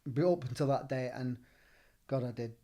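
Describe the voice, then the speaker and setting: A middle-aged man with a Northern English accent, telling stories in a relaxed chat as a gym owner and trainer, acting out the lines he quotes. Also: medium pitch, normal speed. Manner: animated, acts out quoted dialogue. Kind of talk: casual storytelling.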